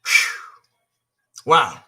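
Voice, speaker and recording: A man's voice: extremely slow, pushed and bright. A man giving a casual, blunt fan rant, exasperated, repeating himself and cursing now and then. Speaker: fan vlogger.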